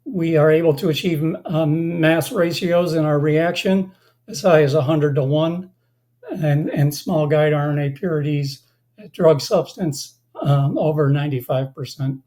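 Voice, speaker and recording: Webinar presenter, mellow tone, a bit hoarse, halting delivery full of fillers. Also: medium pitch. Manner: halting, many filler sounds and restarts. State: slightly hoarse, losing voice. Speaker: company presenter.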